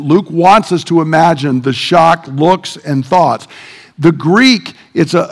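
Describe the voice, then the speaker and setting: A man's voice: fairly high pitch, gravelly. Man preaching a vivid Bible sermon. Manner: vivid storytelling, builds emphasis.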